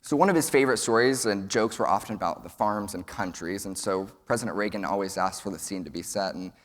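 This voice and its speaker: Long reverb from a large event hall surrounds this young man from Texas, a student speaker with a fairly low pitch who talks fast. He's giving an earnest, prepared summit speech that includes a folksy joke.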